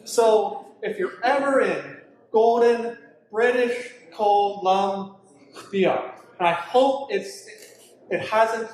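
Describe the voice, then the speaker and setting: A man's voice: high voice, slow. A man doing stand-up, telling a travel story and acting out his own panicked reactions. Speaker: stand-up comedian. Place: brewery comedy show. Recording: echoey room.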